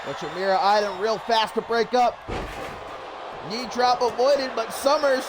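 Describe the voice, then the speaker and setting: High-voiced man shouting wrestling commentary. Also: unhurried, long pauses, crowd noise, noisy background. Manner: shouting over the action, loud and animated.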